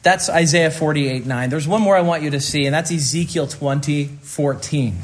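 A man preaching a sermon, teaching in a deliberate, emphatic way and slowing down on key phrases. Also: a little high.

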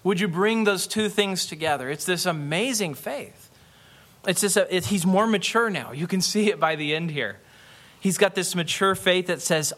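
Man, pastor, high voice, earnest emphatic sermon, slow stressed phrases. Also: steady tone, fairly bright tone.

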